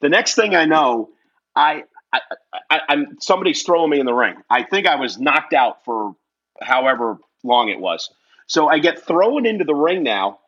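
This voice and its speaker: A man, a wrestling commentator and guest, telling a personal anecdote in a lively way and laughing often. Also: a little high, normal speed, breathy edge, dull audio.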